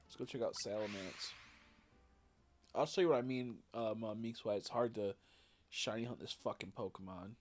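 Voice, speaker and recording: A man's voice: fairly low pitch, moderate pace, a little hiss or hum. A young man streaming a game, tired and swearing as he chats to viewers. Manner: tired, swearing, talks to chat. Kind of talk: casual gaming commentary. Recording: game music behind.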